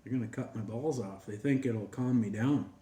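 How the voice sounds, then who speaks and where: A man's voice: medium pitch, normal speed, dark tone, natural voice. A man voicing a restless male dog in a told joke who digs everything up, matter-of-fact and confessing. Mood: resigned. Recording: roomy echo.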